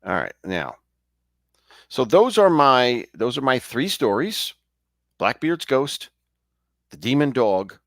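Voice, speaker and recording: A man's voice: mid-range voice, very animated, slow, pauses often, a bit bright, dry recording, studio quality. Chatty man telling ghost stories. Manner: conversational, chatty, with frequent restarts and asides. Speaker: storyteller host. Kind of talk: casual ghost-story telling.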